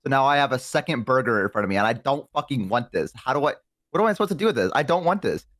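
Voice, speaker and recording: A man telling rambling stories in a casual chat, swearing and laughing loudly. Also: medium pitch, animated, rapid-fire, dry recording. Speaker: guest on a stream.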